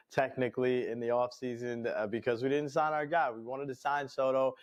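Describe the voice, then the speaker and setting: A man's voice: mid-range voice, level tone, brisk, few pauses. A man from New York hosting a sports podcast, ranting bluntly and profanely in casual talk.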